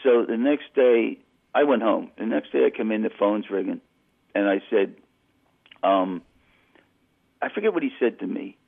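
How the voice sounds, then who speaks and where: A man telling an animated story as a guest calling into a radio show, stumbling and restarting as he goes. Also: fairly low pitch, normal speed, vocal fry, pauses often. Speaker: phone-in guest. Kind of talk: casual storytelling on a phone call. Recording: tinny phone line on radio.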